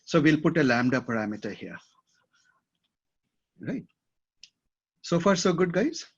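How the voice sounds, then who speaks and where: A man's voice: a little high, big pitch swings, measured pace, slightly rough. A man teaching a class at a whiteboard, thinking aloud and often checking that his students follow. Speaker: instructor. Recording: dull lo-fi classroom recording.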